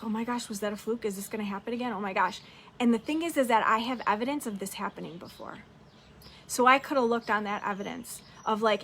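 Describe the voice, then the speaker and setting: A woman's voice: on the high side, fairly bright tone. A woman business coach giving a casual, upbeat motivational talk, swearing freely and talking straight to her listeners.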